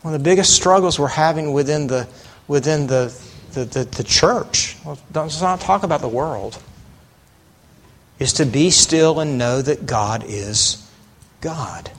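Middle-aged male preacher, slightly high voice, slow and chatty, lots of rhetorical questions. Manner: conversational preaching with rhetorical questions and frequent restarts. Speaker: pastor. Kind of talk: sermon.

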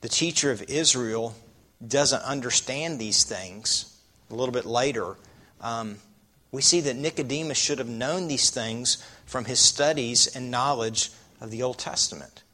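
A man's voice: mid-range voice, a little slow, sharp tone. A man preaching a sermon, often putting rhetorical questions to his listeners.

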